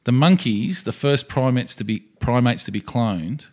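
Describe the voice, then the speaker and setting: A man co-hosts a podcast, chatting in a rambling, jokey way that trails off and restarts. His medium-pitched voice has a darkish tone, lively intonation, and a moderate pace.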